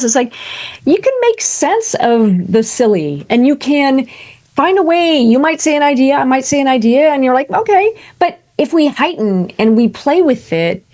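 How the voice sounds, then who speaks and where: An animated woman telling stories as a podcast guest. Her voice sits fairly high and swings widely in pitch, and she fills her talk with quick jokes and asides. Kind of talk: lively conversational interview.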